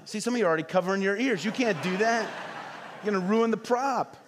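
A middle-aged man preaching a sermon as pastor, animated, often acting out quoted voices. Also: high voice, fast, noisy background. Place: church hall. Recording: reverberant hall.

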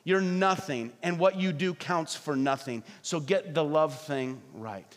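A middle-aged man preaching a sermon as pastor, animated, often acting out quoted voices. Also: fairly high pitch, a little slow. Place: church hall. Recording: reverberant hall.

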